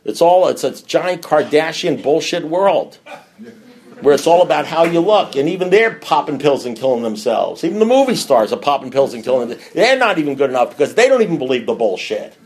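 A middle-aged man speaking candidly to a recovery group, blunt and profane, with loud bursts and low mutters. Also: big pitch swings, brisk.

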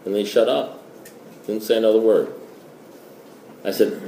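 A man's voice: lowish voice, moderate pace, gravelly, warm tone, echoey room, a little hiss or hum. A man telling a rambling, joking story at a recovery meeting. He repeats himself as he goes.

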